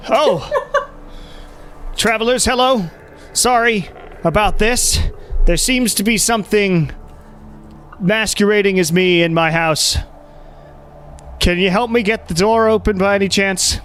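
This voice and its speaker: A high, strained voice of a frantic man in his thirties, as a man puts him on. He yells and pleads indignantly, pitched far above the performer's own voice, in a tabletop game. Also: slow pace, pauses often, slight background noise. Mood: flustered polite.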